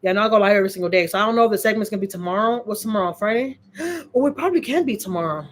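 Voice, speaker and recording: A woman's voice: medium pitch, animated, very fast, slight background noise. A middle-aged woman, hosting a casual livestream from home, chatting with viewers in a heartfelt way and repeating phrases for emphasis. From Texas. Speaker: livestream host. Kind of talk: casual livestream chat answering viewer comments.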